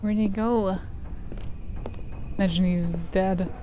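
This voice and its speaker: Woman streamer, slow and mumbly, teasing asides over a faint hiss. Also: mid-range voice, fairly even intonation. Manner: mutters quiet asides to herself, teasing. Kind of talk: casual gameplay commentary.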